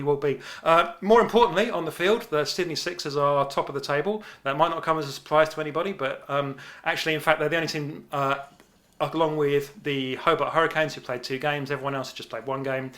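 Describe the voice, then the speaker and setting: A man's voice: a little high, a bit bright. A man co-hosting a chat podcast, talking casually with many fillers and restarts. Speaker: podcast co-host.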